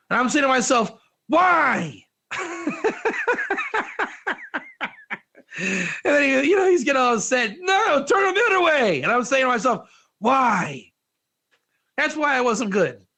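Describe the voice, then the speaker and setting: A man giving an informal Torah class, energetic and joking, putting questions to his listeners in a classroom. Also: extremely high pitch. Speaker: Torah teacher.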